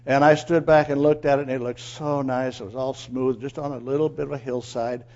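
A man telling a personal moral story in an animated way, asking his listeners questions and acting out quotes. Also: mid-range voice, fairly quick, muffled recording. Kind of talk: storytelling sermon.

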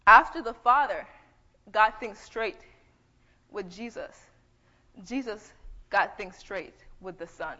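A woman's voice: mid-range voice, lively intonation, slow pace, pauses often, sharp tone. A woman preaching a sermon, teaching conversationally and reading scripture aloud. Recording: dull echoey hall.

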